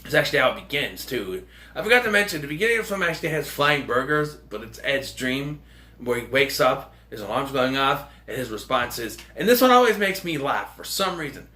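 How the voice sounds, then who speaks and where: Lively, bright-voiced male movie reviewer. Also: mid-range voice, brisk. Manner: rambling, heavy fillers, chuckling asides. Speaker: movie reviewer, channel host. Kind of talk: casual video review.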